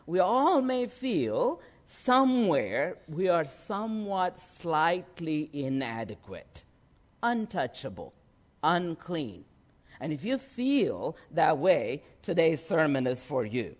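A man preaching a sermon, slow and lively, often checking in with his listeners. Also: fairly high pitch. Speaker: pastor.

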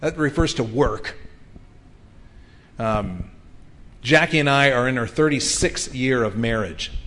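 A man's voice: mid-range voice, a bit bright. Earnest middle-aged male pastor preaching. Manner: earnest, conversational preaching with frequent ums. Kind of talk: sermon.

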